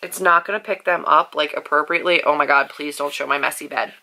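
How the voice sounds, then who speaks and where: A young woman chatting casually in a book vlog from her bedroom, gushing and animated with quick asides. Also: low voice. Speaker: book vlogger. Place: bedroom at home.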